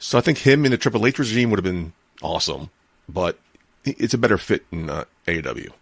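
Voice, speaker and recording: Low-voiced man, dry close sound. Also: lively intonation, a little fast, gravelly, husky, dry recording. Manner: easygoing, thinks aloud with repeats. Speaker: podcast co-host. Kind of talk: casual wrestling podcast chat.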